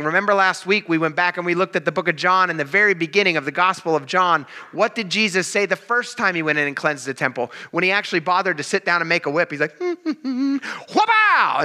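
A pastor preaching a sermon in a casual, conversational way that addresses the congregation directly. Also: male voice, a little high, bright, forceful tone. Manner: conversational, addresses the crowd as "you guys".

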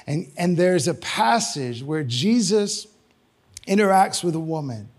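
Gravelly-voiced man preaching a sermon. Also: high voice, expressive, unhurried. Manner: earnest, conversational preaching with sudden emphatic rises. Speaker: pastor.

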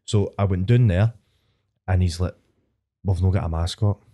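A man's voice: low voice, moderate pace, warm tone. A Scottish man in his twenties, hosting a podcast and telling a long, rambling, sweary story in casual chat. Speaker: podcast host.

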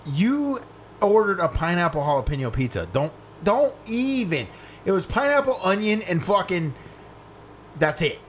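Man, podcast co-host, casual banter, blunt and profane, lively pitch. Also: normal speed, a little hiss or hum. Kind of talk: casual chat.

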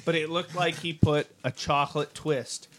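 A man's voice: a little high, normal speed. Amused young man telling a gross story. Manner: excited, amused, profane. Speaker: podcast co-host. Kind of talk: casual storytelling among friends.

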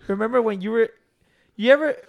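A man's voice: very high voice, a little fast, gravelly. A man ranting and telling stories in casual chat, swearing a lot and acting out what people said. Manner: profane, ranting, storytelling with acted-out quotes.

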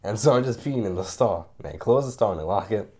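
A young man co-hosting a casual podcast, telling stories in an animated way, acting out quotes and laughing often. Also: on the low side, fast. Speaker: podcast co-host. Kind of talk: casual chat.

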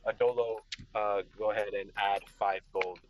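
A man narrating a tabletop game as game master, telling the story with animated energy. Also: on the low side, moderate pace, a little hiss or hum.

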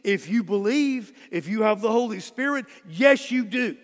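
A man's voice: high voice, animated, moderate pace, big-room sound. A man preaching a sermon as pastor, emphatic and repeating key words for stress.

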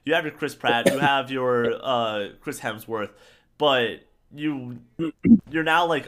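A man co-hosting a podcast, chatting casually and excitedly about films, rambling and repeating himself. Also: mid-range voice, unhurried. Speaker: podcast co-host. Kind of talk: casual pop-culture chat.

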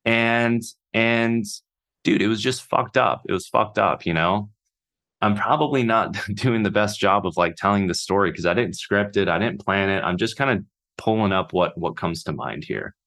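A man telling his own life story off the cuff, halting and full of fillers, swearing casually. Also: fairly low pitch, a bit bright. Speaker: podcast host. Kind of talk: unscripted personal storytelling.

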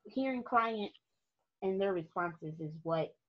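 Animated woman telling stories, husky voice. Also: mid-range voice, takes it slowly. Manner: animated storyteller, laughs often. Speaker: guest photographer. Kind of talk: casual podcast chat. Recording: muffled lo-fi podcast audio.

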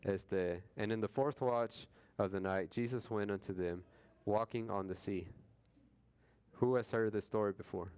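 A man's voice: on the low side, measured pace, a little mellow, clear, resonant tone. A man leading a casual Bible study, retelling scripture in slangy everyday words and acting out what people said. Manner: acts out quoted voices with jokes.

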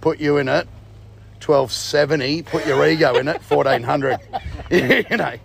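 A man's voice: fairly high pitch, fairly even intonation, measured pace, creaky, a crowd in the background. A man, a vlogger and amateur racing driver, chatting casually and teasing a fellow driver with joking banter at an outdoor motorsport event. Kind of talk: casual chat and teasing interview. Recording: noisy outdoor recording.

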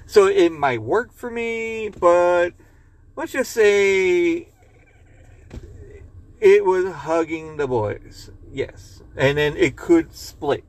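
Rambling, slow-talking male podcast host. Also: high voice. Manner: rambling, loose, swears and laughs at own jokes; reads a joke aloud. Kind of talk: casual chat.

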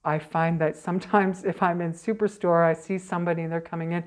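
Casting: low-pitched chatty woman, medium telling stories in an interview. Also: brisk. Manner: chatty, animated, frequent okay and right tags. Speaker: psychic medium guest. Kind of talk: casual interview storytelling.

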